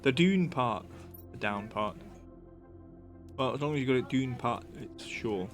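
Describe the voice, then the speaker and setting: A man's voice: mid-range voice, moderate pace, faint music behind. Rambling man streaming a game. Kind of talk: casual live-stream chat.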